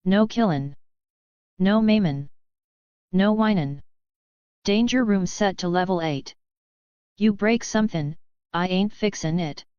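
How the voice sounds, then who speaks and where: A woman voicing a gruff, weary male mentor who growls orders in clipped words with dropped endings. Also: medium pitch, takes it slowly, pauses often, a little mellow, no room sound, dull audio, close to an everyday voice. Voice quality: rough, growling.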